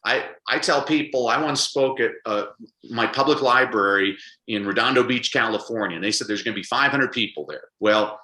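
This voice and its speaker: A man speaking as an interview guest, an animated storyteller who acts out quotes. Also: mid-range voice, a little fast, roomy sound, low-quality recording. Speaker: guest, public speaker and coach. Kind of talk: conversational interview.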